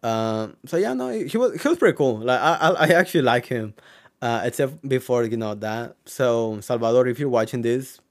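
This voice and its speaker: Young man from Mexico, mid-pitched, casual vlogger, rambling and filler-heavy, swears freely. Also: lively intonation, moderate pace. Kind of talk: casual storytelling to camera.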